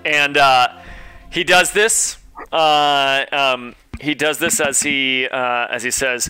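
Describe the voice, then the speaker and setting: Bright-voiced man running the game. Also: mid-range voice, steady tone, slow pace, smooth, soft background music, low-quality recording. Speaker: game master. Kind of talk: tabletop role-play narration.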